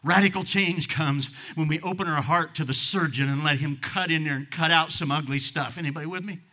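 A man in his sixties preaching a sermon as a pastor, impassioned, swinging from loud outbursts to hushed asides. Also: on the high side, fairly quick. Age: 60s.

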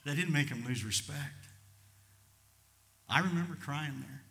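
An older man preaching a sermon, telling personal stories in a folksy, impulsive way that swings from soft to loud. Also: fairly high pitch, unhurried, creaky, long reverb tail. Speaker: pastor.

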